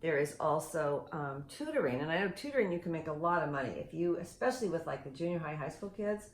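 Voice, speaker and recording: Low-voiced chatty older woman co-host. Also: animated, fast. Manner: chatty, laughing, self-deprecating. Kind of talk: casual chat. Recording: echoey room, faint noise.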